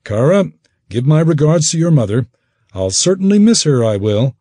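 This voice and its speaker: Man playing a scheming middle-aged smooth-talker, coaxing, husky, lively rise and fall. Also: a little high, normal speed, no room sound, studio quality, pitched above the performer's own voice. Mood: mock regretful.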